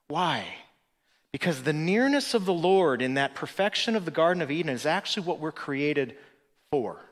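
A man preaching a sermon as pastor, swinging between emphatic, rising passages and quiet, reflective lines. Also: fairly high pitch, lively intonation, normal speed. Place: church sanctuary. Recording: long hall reverb.

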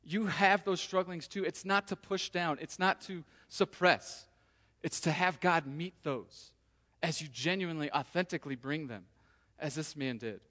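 A pastor preaches with earnest conviction, his male voice sitting a bit higher than most. He slips into the words of a struggling believer's prayer as he goes. The sound carries a long reverb from a large church hall. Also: moderate pace, bright, forceful tone. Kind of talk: sermon.

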